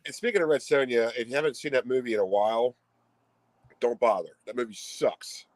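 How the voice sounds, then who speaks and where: Man, co-host, casual chat, blunt and opinionated, restarts sentences, mid pitch, dry close sound. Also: fairly quick, no echo, rough recording. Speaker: co-host of a video collecting stream.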